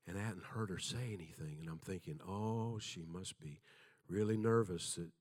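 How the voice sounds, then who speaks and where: A man's voice: low voice, moderate pace, darkish tone. Older man preaching in folksy stories. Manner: folksy storytelling, self-deprecating humor, acts out quotes. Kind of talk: sermon.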